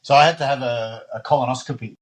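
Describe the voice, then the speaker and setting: A man's voice: medium pitch, steady tone, fast talker. A man hosting a podcast, chatting casually and laughing often. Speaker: podcast host. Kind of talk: casual chat.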